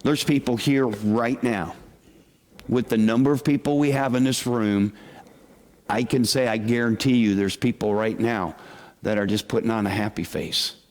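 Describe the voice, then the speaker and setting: A man's voice: on the low side, fairly even intonation, moderate pace, a little mellow. A man preaching a sermon to a congregation as their pastor, talking conversationally and asking the listeners questions. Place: church sanctuary with congregation. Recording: long reverb of a large hall.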